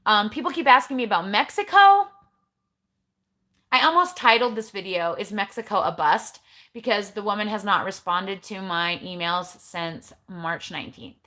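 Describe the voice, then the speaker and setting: A middle-aged keto vlogger talks casually to her livestream viewers in a phone recording, chatty and blunt with lots of eye-rolling asides. Her mid-range voice is bright and clear, at a moderate pace.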